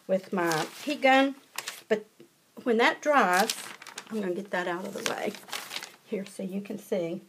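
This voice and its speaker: Southern woman, craft tutorial host, casual and folksy, encouraging, average pitch.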